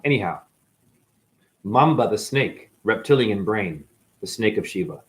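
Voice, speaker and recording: A man from New England delivers a rambling spiritual monologue, his pitch climbing and dropping a lot. He swears freely and swings from low mutters to sudden loud bursts. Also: expressive, measured pace. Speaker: spiritual teacher, former dancer.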